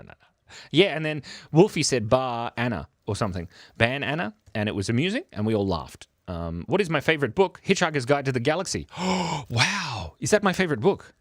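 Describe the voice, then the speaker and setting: A man's voice: on the low side, no room sound, clean studio sound. A middle-aged man hosting a drawing livestream, rambling and joking goofily with his chat in casual talk. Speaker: livestream art host.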